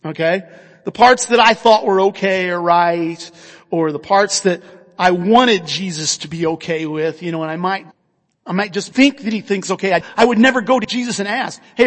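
In a sermon that's both earnest and conversational, a high-voiced male pastor keeps asking his listeners questions. His voice resounds with long reverb, suggesting a large hall.

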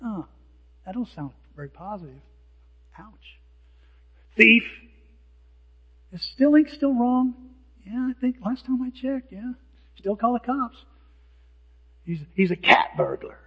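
Guy preaching in a big reverby church, kinda muffled sound, acts out the mockers, high voice. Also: slow, pauses often, husky. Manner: animated, acts out hecklers' lines. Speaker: pastor. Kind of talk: sermon. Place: church sanctuary. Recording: dull sound with long hall reverb.

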